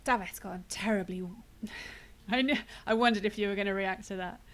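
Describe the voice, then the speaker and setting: A woman's voice: medium pitch, a little fast. Chatty woman streaming a game. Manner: chatty, wry, self-deprecating asides. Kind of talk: casual gameplay commentary.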